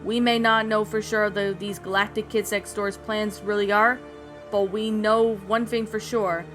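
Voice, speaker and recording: A woman's voice: mid-range voice, unhurried, soft background music, close to an everyday voice. A woman voicing a serious, grim teenage boy who leads a secret team. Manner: grim, calm, planning.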